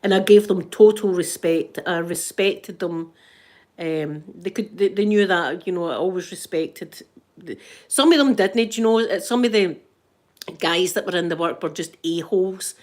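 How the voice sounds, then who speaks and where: A woman's voice: lowish voice, normal speed, a little mellow. A middle-aged Scottish woman chatting on a livestream, telling stories with lots of restarts and laughs. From Scotland. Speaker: livestream host. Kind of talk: casual chat reading live comments.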